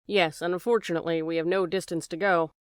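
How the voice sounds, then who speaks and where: Smooth-voiced woman reading aloud. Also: on the low side, steady tone, quick pace, no room sound, clean studio sound. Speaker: audiobook reader. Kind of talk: scripted narration of a classic novel.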